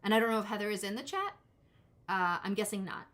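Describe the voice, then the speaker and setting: A woman's voice: mid-range voice, sing-song, fast talker, fairly bright tone. A woman in her forties giving a casual live-stream tarot reading, rambling and cutting herself off as she talks to her chat viewers. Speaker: tarot reader.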